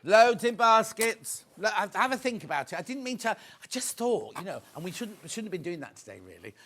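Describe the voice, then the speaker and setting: Excitable British shopping-channel presenter man. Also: high-pitched, fast talker, creaky, a little hiss or hum. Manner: excitable, chatty, counting down stock. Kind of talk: live TV shopping sales patter. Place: TV studio.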